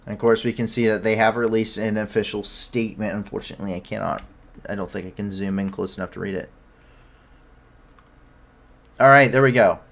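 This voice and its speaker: Man hosting a live news stream. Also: on the low side. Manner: frequent self-corrections and restarts; blunt, incredulous asides. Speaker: news show host.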